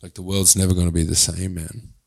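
A man in a casual podcast chat, rambling and laughing loudly. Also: sits low, flat delivery, fairly quick, vocal fry.

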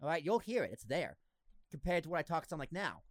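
A man with a Boston accent hosting a casual podcast chat, animated and joking. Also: fairly high pitch, dry recording, clean studio sound. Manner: animated, joking, quick to laugh. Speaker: podcast host.

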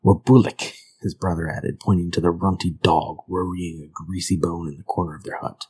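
Deep husky male storyteller. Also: little pitch movement, darkish tone, low-quality recording. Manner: measured, grave storytelling. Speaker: narrator. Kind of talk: dark folk tale reading.

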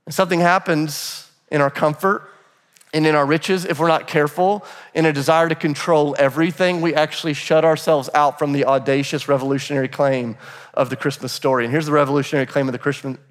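Preacher guy, kinda high voice, long echo off the church walls, punchy and repeats himself. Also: steady tone, a little fast. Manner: emphatic, repeats phrases when building a point. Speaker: pastor. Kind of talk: sermon. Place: church sanctuary. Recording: long hall reverb.

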